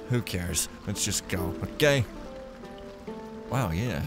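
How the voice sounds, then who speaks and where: A man's voice: fairly low pitch, big pitch swings, very slow, music in the background. A man giving casual, rambling commentary while playing a stealth game, joking to himself as he goes. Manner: playful, rambling, jokey asides. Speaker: let's play gamer.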